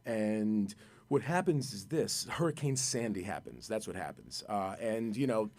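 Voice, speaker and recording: A man from Brooklyn, a musician guest telling a long, excitable story in a radio studio and repeating his words. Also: lowish voice, a little slow. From Brooklyn, New York. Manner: rambling, excitable, repeats words, acts out voices.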